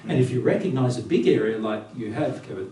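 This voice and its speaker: A man giving a casual spiritual teaching talk to a small group, lively and blunt, often laughing. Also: medium pitch, fast. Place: living room. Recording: roomy, distant, faint room hum.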